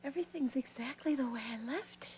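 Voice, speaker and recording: An actress playing a woman's invisible spirit who talks in a hushed, wondering whisper, over soap opera score music. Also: high-pitched, fast talker, slight background noise, close to an everyday voice. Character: woman's spirit, invisible, back home, awed. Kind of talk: daytime soap acting.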